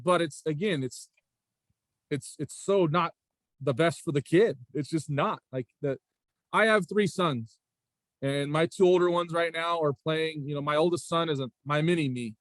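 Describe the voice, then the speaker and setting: A man in his forties, a high school basketball coach and athletic director, telling stories in a casual interview with a rambling manner, often circling back with "again" and "right?". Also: moderate pace, a bit bright, dry recording. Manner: rambling, repeats "again" and "right?", frequent restarts.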